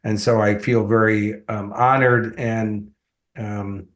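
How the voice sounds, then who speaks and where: A middle-aged man, a motivational coach, telling stories in a relaxed interview and acting out the voices of people he quotes. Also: lowish voice, slow pace. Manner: animated storyteller acting out quotes. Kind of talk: conversational storytelling interview.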